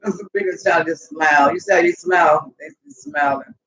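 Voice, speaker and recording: A woman telling animated, profane stories casually to her viewers, laughing often. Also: low voice, a little fast, poor audio. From Southern US. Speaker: vlogger. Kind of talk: casual storytelling to camera.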